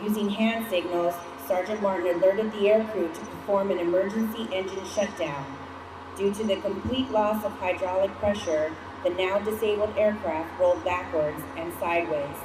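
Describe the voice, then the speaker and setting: A woman presents a military award ceremony in a measured, official voice. She sounds a little distant from the microphone, in a roomy, echoey space. A steady hiss of background noise sits under her words. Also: medium pitch. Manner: measured, formal reading. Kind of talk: formal ceremony narration.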